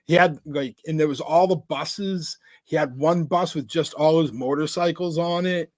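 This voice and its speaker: Speaking at a normal pace in a slightly mellow, higher-pitched voice, this man co-hosts a podcast and rambles through casual stories. He restarts often and fills his speech with "like," and the recording carries no room sound.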